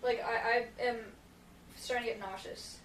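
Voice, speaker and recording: A woman's voice: fairly high pitch, fairly even intonation. A young woman in casual chat, blunt and offhand, in a small hot shed. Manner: blunt, quick offhand remarks. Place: small hot shed used as a podcast studio. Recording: roomy, distant mic, faint background noise.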